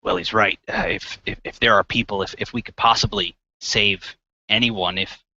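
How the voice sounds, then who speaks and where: An earnest cleric, shaken and tripping over his words, as a man plays him. His voice is low yet bright, and it comes through a muffled, lo-fi recording. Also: steady tone, no echo. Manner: halting, stammering.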